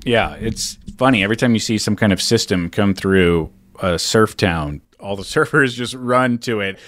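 A man's voice: fairly low pitch, moderate pace, a bit bright, no echo. A man co-hosting a podcast, chatting casually and reading out listener questions with a joking touch. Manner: reads listener questions, jokey. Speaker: podcast co-host. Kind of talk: casual chat.

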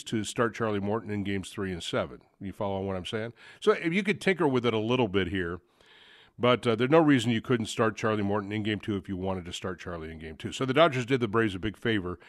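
A man hosts a sports talk show in a loose, conversational ramble, stumbling through restarts and filler words. His voice sits on the low side. The recording is dry, with no room sound. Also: dry recording. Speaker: sports radio host.

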